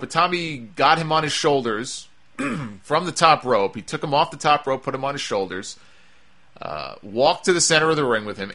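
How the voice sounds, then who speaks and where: Bright-voiced man recapping wrestling. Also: medium pitch. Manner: chatty, wry asides, frequent uh fillers. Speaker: wrestling show reviewer. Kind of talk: casual spoken recap.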